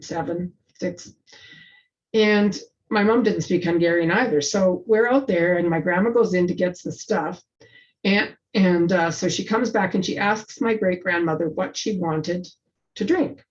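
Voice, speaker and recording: A woman's voice: lowish voice, darkish tone. Chatty woman on dull lo-fi audio. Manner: chatty, halting with restarts. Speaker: presenter. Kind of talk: casual storytelling in discussion. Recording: dull lo-fi sound.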